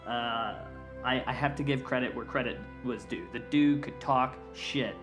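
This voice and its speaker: A man hosts a comedy podcast in a loose, candid monologue, swearing freely. His voice sits at an ordinary middle pitch. Faint guitar music plays behind him.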